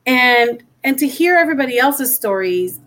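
Animated woman telling her story. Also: sits high, moderate pace. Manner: animated and emphatic, acts out quoted dialogue, frequent restarts. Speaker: motivational speaker, interview guest. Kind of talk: personal storytelling in a conversation.

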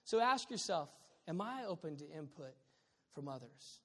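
A male pastor preaches with a high, bright voice that swings from quiet asides to loud bursts. His delivery is lively and humorous. The sound rings with the long reverb of a large church sanctuary. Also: normal speed, slightly rough. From Southern California. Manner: animated, joking preacher with sudden loud bursts. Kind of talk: sermon.

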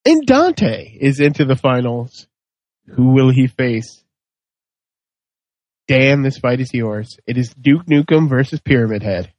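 A man's voice: medium pitch, very animated, unhurried, long pauses, darkish tone, dry recording, dull audio. A man hosting a casual podcast debate, telling crude, joking stories. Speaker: host.

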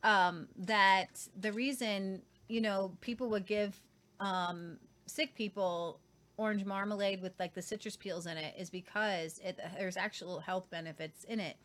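Woman rambling about snacks to viewers, lots of um and like, average pitch. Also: steady tone, unhurried, a bit bright. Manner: rambling, many fillers and restarts. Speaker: co-host. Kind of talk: casual chat with viewers.

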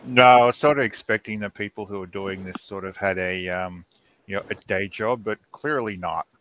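A man's voice: lowish voice, normal speed, a bit bright, slight background noise. A man co-hosting a casual podcast chat, rambling along with plenty of filler words. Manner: rambling, with frequent fillers and restarts. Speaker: podcast co-host.

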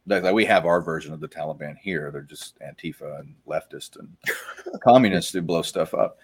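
Deep-voiced man hosting a casual podcast. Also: normal speed, breathy edge. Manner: rambling, with frequent fillers and restarts. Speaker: podcast host. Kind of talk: casual conversational chat.

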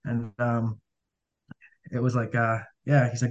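A man's voice: medium pitch, fairly even intonation, fast talker, darkish tone. A man, a podcast guest telling his life story in a rambling casual way, full of fillers and acted-out dialogue. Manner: rambling, heavy on fillers, acts out quoted dialogue. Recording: dull lo-fi audio.

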